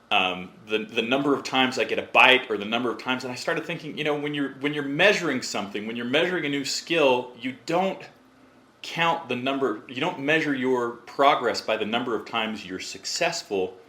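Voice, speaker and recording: A man who is a podcast guest, telling a story in a casual, animated way and acting out what others said. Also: medium pitch, moderate pace. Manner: animated, acts out quotes in other voices.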